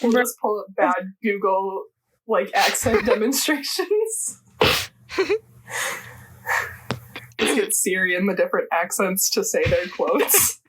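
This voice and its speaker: A woman co-hosting a podcast in casual chat, teasing, with quick asides and frequent laughter. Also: medium pitch, lively intonation, a bit bright, a little hiss or hum, low-quality recording. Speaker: podcast co-host.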